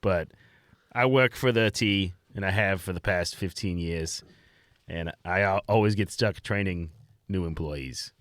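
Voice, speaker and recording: A man playing a veteran transit worker with a put-on French Canadian accent, in a low voice. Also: unhurried, fairly bright tone, no room sound.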